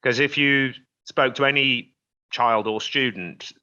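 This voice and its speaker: A man's voice: mid-range voice, slow pace, bright, forceful tone, clear, resonant tone, lo-fi sound. A man from England, a farmer and TV presenter, talking upbeat and enthusiastic in an interview. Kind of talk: casual interview talk.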